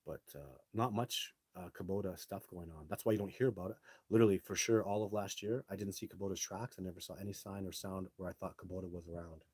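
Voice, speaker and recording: Husky low-voiced man telling stories live. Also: fast, no room sound. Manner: animated, swears casually, repeats words. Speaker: live show host. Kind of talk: casual live-stream storytelling and viewer Q&A.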